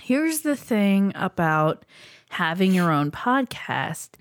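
A woman's voice: medium pitch, very animated, slow, no echo, studio quality. A woman co-hosting a podcast in casual chat, wry and matter-of-fact. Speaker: podcast co-host.

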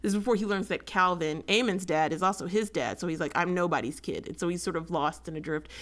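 A woman co-hosting a casual book chat, talking in a chatty, animated way full of fillers. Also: lowish voice, quick pace. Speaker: book podcast co-host.

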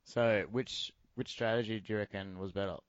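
A man's voice: lowish voice, steady tone, normal speed, clear, resonant tone, dry recording, highs cut off. A man co-hosting a casual chat, asking questions and laughing easily. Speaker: podcast co-host.

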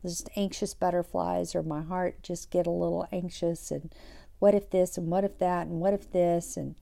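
A middle-aged woman hosting a devotional podcast, talking in a soft, reflective way and dropping to a whisper for scripture. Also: lowish voice, flat delivery, moderate pace, gravelly. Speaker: podcast host.

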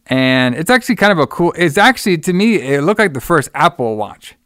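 A man's voice: fairly high pitch, big pitch swings, a little fast, a bit bright, clean tone, no room sound, clean studio sound. A man in casual chat, retelling a movie plot in a loose, profane, rambling way and laughing often. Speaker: podcast co-host recapping a movie.

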